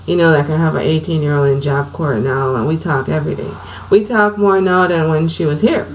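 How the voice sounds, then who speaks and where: Creaky-voiced woman telling her story. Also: low voice, a little fast, slight background noise, low-quality recording. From Saint Croix, US Virgin Islands. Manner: candid, conversational, emotional retelling. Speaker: vlogger. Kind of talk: personal storytelling. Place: her home.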